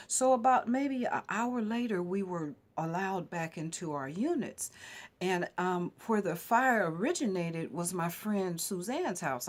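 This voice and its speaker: A woman vlogger earnestly telling personal stories to her viewers in a conversational, emphatic way. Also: lowish voice.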